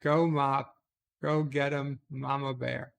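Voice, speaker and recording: A man's voice: medium pitch, flat delivery, takes it slowly, vocal fry, clear, resonant tone. A man hosting a casual livestream, reading viewer comments aloud and answering each with short asides. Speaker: livestream host.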